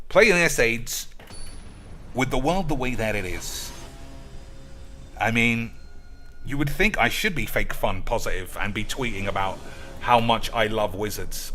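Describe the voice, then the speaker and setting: A man's voice: mid-range voice, a bit bright. A man streaming a card game, ranting with sarcastic, profane commentary. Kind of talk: gameplay commentary.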